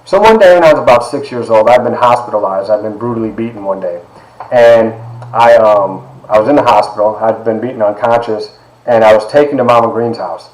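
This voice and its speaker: A man's voice: mid-range voice, a little mellow. A man in his forties from Ohio, telling a candid personal story to a class in an emphatic, conversational way with frequent asides. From Ohio, United States. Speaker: lecturer. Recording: echoey classroom.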